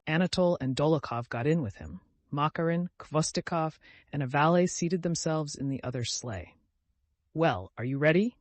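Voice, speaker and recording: A man's voice: fairly high pitch, normal speed, no echo. Man reading an audiobook, dry close sound. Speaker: audiobook narrator. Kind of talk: scripted narration.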